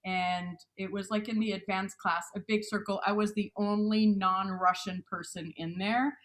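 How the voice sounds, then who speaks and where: A woman in a casual video call chat, telling a story in an animated way and acting out what people said. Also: mid-range voice, normal speed. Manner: animated storyteller, acts out quotes.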